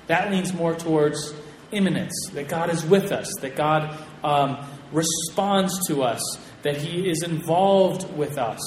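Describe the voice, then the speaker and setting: A man teaching a Bible class to a group in a casual, chatty way, with an animated storytelling manner and frequent restarts, in a large hall. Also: fairly high pitch. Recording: echoey hall with long reverb, faint room noise.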